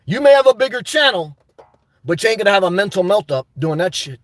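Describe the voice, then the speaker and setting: High-voiced man ranting on a live stream. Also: animated, brisk, no room sound. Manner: emphatic, ranting, shouting out supporters. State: sweating, worked up. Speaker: livestream host. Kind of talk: live-stream rant and shout-outs.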